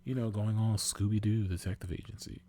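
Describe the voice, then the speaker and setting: A man's voice: fairly low pitch, fairly even intonation, a little fast, warm tone, slight background noise, natural voice. A man voicing a brash young vampire slayer girl who whines and pouts. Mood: whiny. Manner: whiny, pouty.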